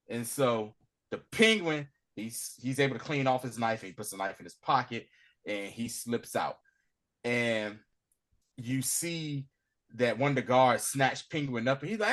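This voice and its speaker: A podcast co-host with a medium-pitched voice recaps an episode casually at a normal speed. He tells it in an animated way, acting out the characters as he goes.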